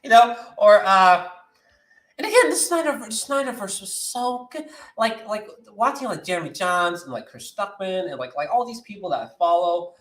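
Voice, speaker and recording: A man hosting a movie news vlog, ranting with lots of swearing and swinging from shouting to muttering. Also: high-pitched, animated, moderate pace, reverberant. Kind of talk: animated solo movie-news rant.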